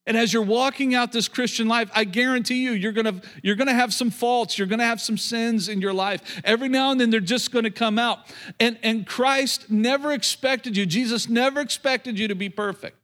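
A man's voice: extremely high pitch, moderate pace, fairly bright tone. A middle-aged man preaching to a congregation, repeating phrases and restarting sentences as he calls out to the room. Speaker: pastor. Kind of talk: sermon.

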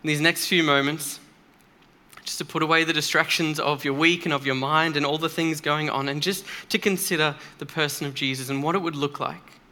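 A man's voice: a little high, fairly even intonation, brisk, bright, forceful tone. A man preaching a sermon in a church, earnest and emphatic, speaking conversationally with occasional fillers.

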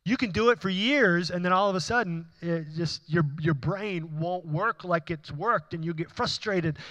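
A man's voice: high voice, moderate pace, few pauses, fairly bright tone. A man preaching a sermon, speaking in an earnest, conversational way with frequent restarts. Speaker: pastor.

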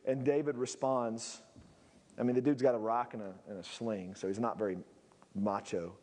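A male pastor preaching a sermon, swinging between shouted peaks and low, quiet asides. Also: steady tone, normal speed, in a large hall.

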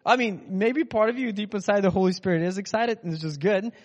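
A high-pitched, brisk Russian man preaches in a loose, chatty style, rambling along and acting out inner voices. Long hall reverb hangs over the dull-sounding audio.

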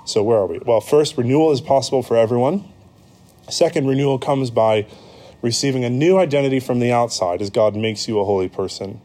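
A pastor with an American accent delivers a sermon in a relaxed, conversational way. His mid-pitched voice is warm and mellow rather than bright. He pauses on ums and corrects himself mid-sentence as he explains. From United States.

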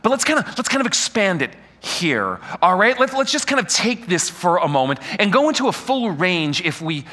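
A man preaching a sermon, animated and full of rhetorical questions aimed at the congregation. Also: high-pitched, normal speed, hardly any pauses.

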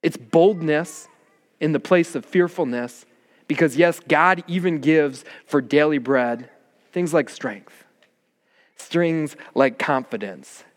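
A man's voice: on the high side, slow pace, in a large hall. A man preaching a sermon as pastor, earnest and rising in emphasis.

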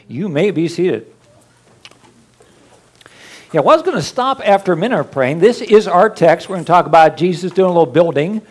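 A man with grandchildren, a pastor preaching in a folksy, rambling, joking way, with quiet prayers between the talk. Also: high voice, expressive, moderate pace, pauses often. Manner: folksy, rambling, jokey storytelling. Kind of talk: casual sermon with prayer.

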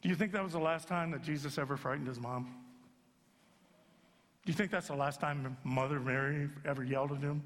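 A man pastor giving an animated, comic sermon in a church sanctuary. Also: fairly high pitch, brisk, long pauses. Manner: animated storyteller, jumps into acted voices. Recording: long sanctuary reverb.

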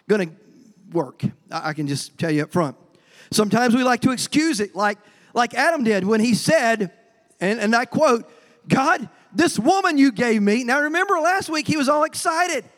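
In a church sanctuary with long hall reverb, a male pastor delivers a folksy sermon in a very high, fairly bright voice. He stumbles over repeated words and acts out the quotes he cites.

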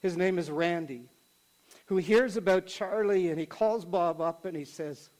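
A man preaching, telling a story in a conversational, animated way. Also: sits high, measured pace, low-quality recording. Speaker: pastor. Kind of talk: sermon storytelling.

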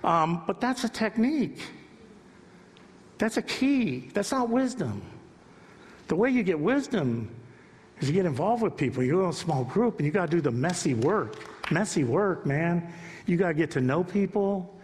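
A man's voice: sits high, very animated, normal speed, a little mellow, in a large hall. A male pastor giving a sermon in a church, preaching emphatically and chatting with the congregation in asides. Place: church sanctuary.

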